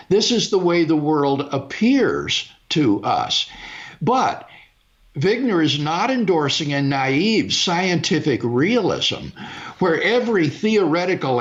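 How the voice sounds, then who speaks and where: A man's voice: fairly high pitch, muffled recording. An older man, a philosopher, explaining a point in a careful, emphatic lecturing way over a video call. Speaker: philosopher guest. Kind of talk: measured academic discussion.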